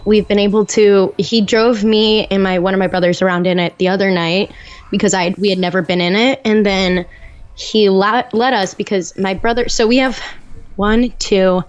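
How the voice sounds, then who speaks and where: A woman's voice: mid-range voice, steady tone, moderate pace, dull audio. A young woman from the Chicago suburbs co-hosting a pop culture podcast, chatting casually and rambling through stories with lots of fillers. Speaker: podcast co-host. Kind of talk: casual chat.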